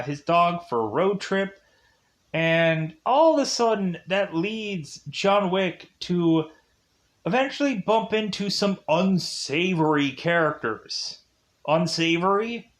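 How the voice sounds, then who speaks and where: Man, movie reviewer, casual, rambling, filler-heavy, slightly high voice, slow pace. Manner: rambling and digressive, heavy use of "like" and "uh".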